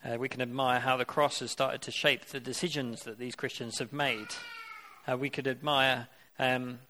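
A man's voice: mid-range voice, flat delivery, moderate pace, pushed and bright, slight background noise. A man preaching a sermon, earnest and conversational, with rhetorical questions to his congregation.

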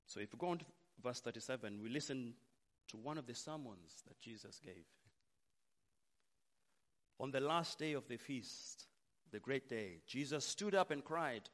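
A man preaching a sermon, slow and emphatic, dropping to a hush and then rising loud for stress. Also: medium pitch, lively intonation.

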